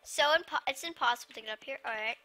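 A woman chatting casually and giggling while she plays a video game, prone to sudden excited outbursts. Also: sits high, quick pace. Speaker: gamer.

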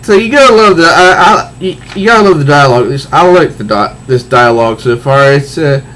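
A man's voice: fairly high pitch, animated, a little fast, a bit bright, low-quality recording. A man casually reviewing a comic book, rambling with frequent restarts. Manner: rambling, many restarts, easygoing.

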